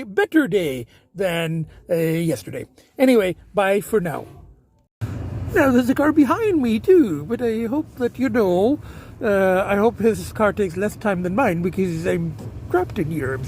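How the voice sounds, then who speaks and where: A man's voice: high voice, very animated, measured pace, darkish tone, a little hiss or hum. An older man chatting casually in a vlog, rambling with lots of fillers and restarts, talking from inside his car. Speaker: vlogger. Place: inside a car at a tire shop.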